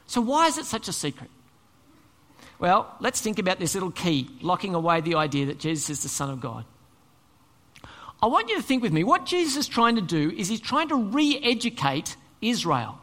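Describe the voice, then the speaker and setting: Man, pastor, sermon, high bright voice, echoey church hall. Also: brisk. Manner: animated, conversational, asks rhetorical questions.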